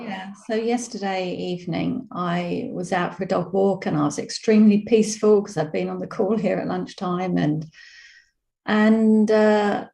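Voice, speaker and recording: Woman, mid-pitched, calm reflective storyteller, roomy video-call sound. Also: vocal fry. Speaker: program participant sharing a story. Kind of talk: casual personal sharing on a video call. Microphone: video call microphone.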